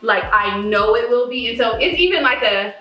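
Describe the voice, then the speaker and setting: A woman's voice: fairly high pitch, expressive, normal speed. Encouraging woman host in a kitchen. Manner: warm, encouraging, affirming. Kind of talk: casual chat while cooking. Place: home kitchen. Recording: echoey kitchen, distant mic, music behind.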